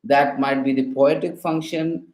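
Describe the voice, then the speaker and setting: A man's voice: mid-range voice, steady tone, measured pace, a little mellow. Man, hesitant questioner, lots of fillers and restarts, roomy echoey recording. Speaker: linguistics student quizzing an AI. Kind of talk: spoken questions to a voice assistant.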